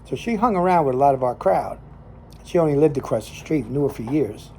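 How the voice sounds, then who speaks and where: An older man with a Northern New Jersey accent talks in a loose, folksy ramble, full of fillers and restarts as he hosts a cigar chat. His voice is mellow and warm. A faint hum of room sound sits behind him. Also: mid-range voice, lively intonation, a little fast. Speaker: cigar show host and lay minister. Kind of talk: casual storytelling monologue.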